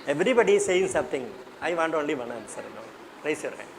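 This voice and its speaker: A man's voice: a little high, sing-song, fast, rough recording. Man, Indian English accent, workshop trainer, asks the class questions, faint background hiss. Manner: questioning, repeats points to the class. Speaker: teacher trainer. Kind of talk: interactive workshop teaching.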